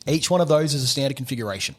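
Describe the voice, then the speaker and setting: Australian gunsmith guest, middle-aged man, rambling casual explainer who acts out dialogue, mid-pitched voice. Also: lively intonation, very fast. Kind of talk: casual podcast chat.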